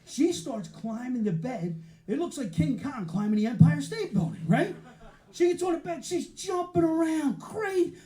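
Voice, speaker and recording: A man's voice: very high-pitched, sing-song, normal speed, dark tone. A man doing stand-up storytelling with a punchy delivery. He keeps tagging lines with "right?" at a live comedy show. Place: comedy show in a community arts center. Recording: echoey room, live show.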